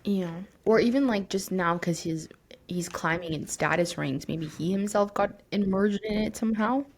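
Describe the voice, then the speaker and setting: A young woman co-hosting a podcast, chatting casually and quick to question the story. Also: mid-range voice. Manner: quick to question and poke holes. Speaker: podcast co-host. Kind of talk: casual chat.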